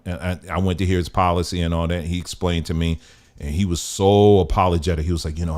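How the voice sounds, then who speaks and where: A man's voice: sits low, fast, darkish tone, clear, resonant tone. A man hosting a podcast, giving emphatic, preachy advice in a casual monologue. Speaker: podcast host.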